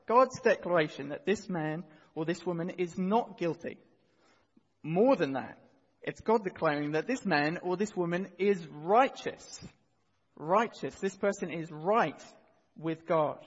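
A male pastor with a husky voice on the high side preaches to his church, earnestly telling vivid stories and leading the congregation through the reading. The sound is dull, with a long reverb tail.

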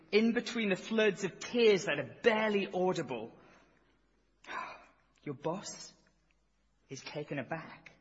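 A man's voice: on the high side, a bit bright, husky. A man preaching a sermon, telling a vivid, dramatic second-person story and then reading scripture aloud. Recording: echoey hall, dull lo-fi sound.

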